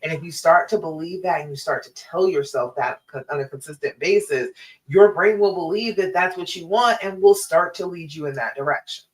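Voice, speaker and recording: A woman's voice: lowish voice, fairly quick, low-quality recording. A woman, giving a love coach's live-stream talk in an encouraging, emphatic way that speaks straight to the listener. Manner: encouraging, emphatic, direct address.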